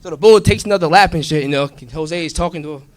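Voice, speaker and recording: A man's voice: a little high, quick pace. A man doing stand-up comedy, telling a profane story and acting out the characters in it. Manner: profane, animated storytelling with acted-out voices. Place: comedy club stage with a live audience.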